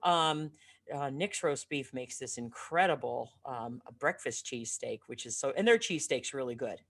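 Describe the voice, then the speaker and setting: A woman's voice: very deep voice, animated, moderate pace. Chatty laughing woman from Pennsylvania. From Northeastern Pennsylvania. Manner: laughs often, chatty and nostalgic. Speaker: podcast co-host. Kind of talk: casual chat.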